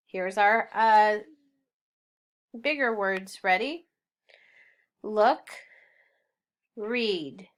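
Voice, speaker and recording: A woman teaching a phonics lesson, sounding out words slowly and deliberately. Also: medium pitch, a bit bright.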